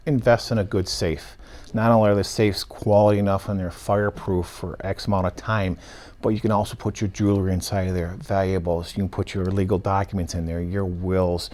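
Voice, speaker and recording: A man's voice: deep voice, level tone, brisk, a little mellow. A man working as an evidence technician, explaining step by step in short listed phrases during an interview. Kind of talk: interview answers.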